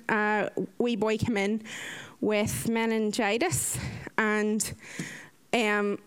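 A young woman, a nurse telling stories from her mission work in a lively talk with slides. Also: sits high. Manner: lively, animated storytelling with acted-out quotes.

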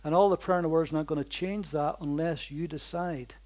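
A preacher with a notably high voice delivers his sermon in bold, dynamic waves. He rises to loud outbursts, then sinks into slow, near-hushed lines. Repeated phrases land with a steady rhythmic insistence. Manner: repetitive, rhythmic emphasis.

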